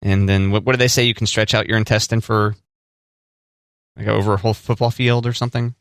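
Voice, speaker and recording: A man's voice: fairly low pitch, flat delivery, brisk, fairly bright tone, smooth, dry recording, clean studio sound. A man co-hosting a casual podcast, teasing and joking with his co-host. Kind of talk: casual chat.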